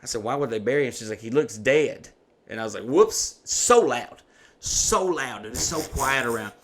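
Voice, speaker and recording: A man's voice: medium pitch, fairly quick. A man in his thirties, hosting a podcast, telling a story casually with lots of swearing and acted-out quotes. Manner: profane, animated retelling with put-on quotes. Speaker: podcast host.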